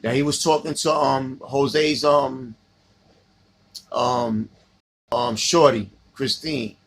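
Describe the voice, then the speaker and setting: A man's voice: medium pitch, fairly even intonation, slow pace. A middle-aged man with a New York accent, chatting casually on a livestream, reminiscing about old friends and answering viewer comments.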